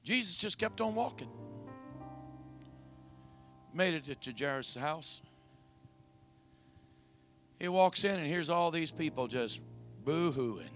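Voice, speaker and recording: A man's voice: on the high side, animated, slow pace, pauses often, a bit bright, soft background music. A man preaching a sermon, retelling a story dramatically and questioning his listeners directly.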